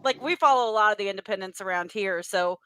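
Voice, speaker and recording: A woman's voice: mid-range voice, fast talker, fairly bright tone, clean tone. A woman co-hosting a casual podcast, chatting and laughing between phrases. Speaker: podcast co-host.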